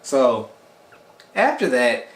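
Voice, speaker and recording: A man's voice: medium pitch, drawn-out words. A man rambling through a casual anime episode review in a chatty, loose way. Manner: rambling, chatty, animated quoting. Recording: echoey room.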